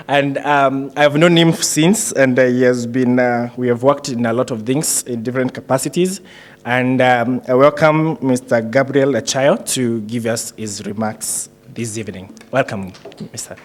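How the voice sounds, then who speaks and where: A man hosts a graduation ceremony in an event room. He speaks with a humorous touch, pausing often and filling gaps with "uh" and "um." His voice sits at an ordinary pitch for a man. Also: fairly even intonation. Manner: humorous, hesitant with many fillers. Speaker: ceremony host.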